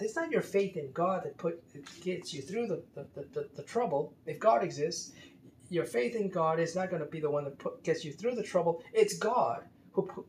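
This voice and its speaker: A man giving unscripted commentary, emphatic and exasperated, often stumbling into repeated restarts. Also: high-pitched. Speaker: commentator critiquing a religious article. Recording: roomy echo, faint background noise.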